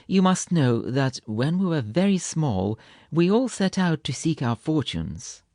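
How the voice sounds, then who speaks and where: A cheeky little male kitten, put on by a male storybook reader, pitched a touch higher and full of lively swoops. He tells tall tales with a proud, easily offended air, in a dry, close recording. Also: unhurried, no echo. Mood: teasing, indignant. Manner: fanciful, indignant storytelling.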